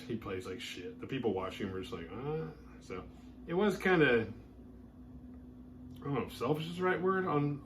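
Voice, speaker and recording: Male podcast host, mid-pitched, casual and slangy, jumps into characters' lines, faint background hiss. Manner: chatty, slangy, acts out characters' lines in quotes. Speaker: podcast host reviewing horror films. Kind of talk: casual film recap.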